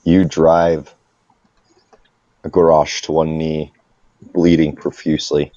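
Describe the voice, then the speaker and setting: A man narrating as game master in an online tabletop game, relaxed and playful. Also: rumbling low, takes it slowly, no room sound. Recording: slightly dull lo-fi voice call.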